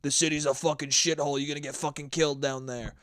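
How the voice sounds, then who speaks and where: A man quoting a gruff, profane dad. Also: fairly high pitch, level tone, fast talker, a bit bright, no echo, studio quality, lightly acted. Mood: warning. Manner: blunt, profane warnings. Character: gruff middle-aged father warning about the city.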